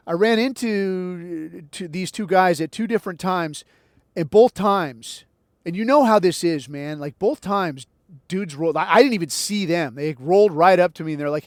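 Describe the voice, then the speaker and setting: A man's voice: fairly high pitch, no room sound. Slangy man telling a story, dry sound. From United States. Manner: laid-back, slangy, acts out quoted dialogue. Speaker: podcast host. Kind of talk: casual storytelling monologue.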